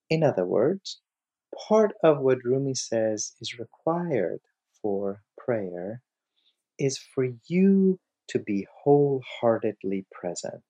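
A man giving a lecture, telling a story in an animated way and acting out its scenes. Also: medium pitch, slow pace. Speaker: lecturer on mystic poetry.

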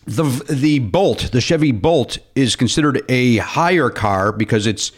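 A man's voice: mid-range voice, a little slow, slightly rough. A man on a podcast, casually telling a story and acting out the quoted voices of the people in it. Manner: animated, acts out quoted voices in anecdotes. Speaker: podcast co-host.

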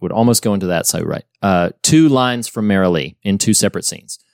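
A man's voice: deep voice, brisk, vocal fry, no echo, studio quality. A man co-hosting a podcast, chatting casually about a horror film with many fillers and restarts. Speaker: podcast co-host.

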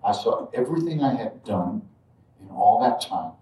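A man telling a personal spiritual story to an audience in a reflective, halting way, with frequent asides. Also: medium pitch, lively intonation, dark tone. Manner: reflective, halting, many asides like "you know" and "right". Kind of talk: live storytelling talk to an audience. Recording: roomy echo, distant mic.

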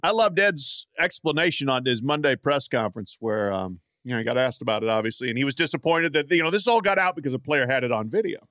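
A man co-hosting a casual sports podcast, lively and laughing often. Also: medium pitch, fast, few pauses, no echo, clean studio sound. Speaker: podcast co-host.

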